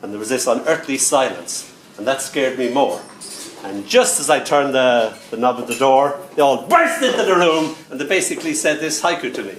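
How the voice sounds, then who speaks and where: An older Irish man performing stories and poems live, animated and quick to slip into other voices with sudden leaps in pitch. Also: slight background noise. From Ireland. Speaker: poet and storyteller. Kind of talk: live storytelling and poetry performance. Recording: roomy sound from a distant mic, faint ambience.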